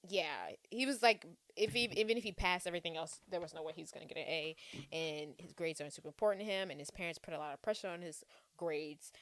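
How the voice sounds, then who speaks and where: A woman co-hosting a podcast, chatting casually about a film, animated, laughing often and breaking into song. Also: fairly low pitch, fast, dry recording. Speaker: podcast co-host. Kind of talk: casual movie discussion.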